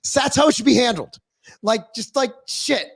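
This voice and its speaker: A man hosting a casual talk stream, telling profane, animated stories about running his business. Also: very high voice, moderate pace, vocal fry, breathy edge. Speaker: podcast co-host; business owner. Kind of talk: casual chat.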